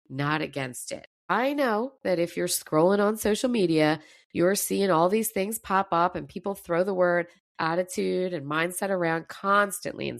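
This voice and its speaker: A mental performance coach with a low, gravelly voice gives an emphatic, fired-up motivational talk. Her voice is slightly scratchy, and the studio-quality recording has no echo.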